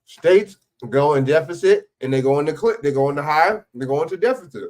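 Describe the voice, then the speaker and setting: A man hosting a livestream reacts to clips with casual, profane, heated rants full of fillers and restarts. His voice is fairly high with a darkish tone, and he talks a little fast.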